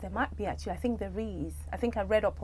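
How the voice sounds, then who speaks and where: A woman's voice: mid-range voice, quick pace, darkish tone. A woman with a Nigerian accent explaining things in casual talk-show chat, often hedging with "I don't know.".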